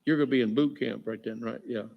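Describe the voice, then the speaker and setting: A man preaching in church, mixing light jokes with scripture he reads out slowly and with weight. His voice sits at an ordinary middle pitch. He keeps checking in with his listeners, asking "right?" as he goes. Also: vocal fry, dull audio. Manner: reads scripture aloud with slow emphasis. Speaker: pastor. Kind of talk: sermon.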